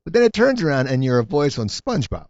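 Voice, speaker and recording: A man's voice: on the high side, sing-song, fast talker, darkish tone, no room sound. A man from New Jersey hosting a casual interview, asking long rambling questions, on a dull lo-fi recording. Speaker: podcast host.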